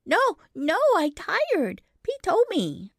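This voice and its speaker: A woman's voice: high-pitched, very animated, slow pace, dry recording, studio quality, voice pushed up, exaggerated voice. A woman doing a lisping muddy toddler boy. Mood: mumbling toddler. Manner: lisping mumbled toddler talk. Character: small muddy toddler boy, stubborn, baby-talking.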